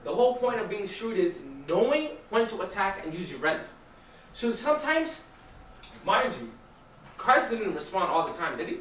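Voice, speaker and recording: In an echoey church hall, a young male church teacher leads a casual Bible study, chatting and putting questions to the group, picked up by a distant mic. His voice is high and sing-song, fairly bright, at a normal pace, with slight background noise.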